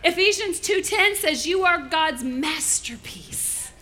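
A woman pastor preaching a lively sermon, playful and animated, calling on the congregation to respond. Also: very high-pitched, measured pace.

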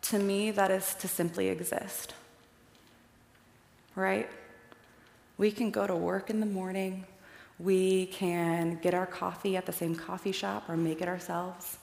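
A woman's voice: medium pitch, little pitch movement, measured pace, creaky, long pauses, a little mellow. A young woman from Iowa giving a personal, chatty faith talk in a storytelling way, speaking with slides in a large hall. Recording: echoey hall with long reverb.

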